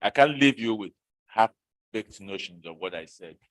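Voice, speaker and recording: A man's voice: on the low side, expressive, measured pace, no room sound, rough recording. A man teaching an usage lesson in a classroom, questioning and coaxing his students to answer.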